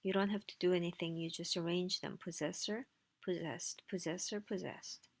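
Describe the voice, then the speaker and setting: A woman's voice: lowish voice, fairly even intonation, normal speed, gravelly. A woman teaching a language lesson, explaining slides in a casual way with dry asides. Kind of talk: recorded lecture with slides.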